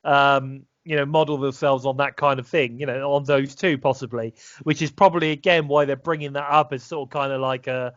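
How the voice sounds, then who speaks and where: A man's voice: medium pitch, steady tone, a little fast, few pauses, a bit bright, no echo. A British man co-hosting a casual wrestling review podcast, rambling with many fillers and restarts. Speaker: podcast co-host. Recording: dull, slightly lo-fi dry sound.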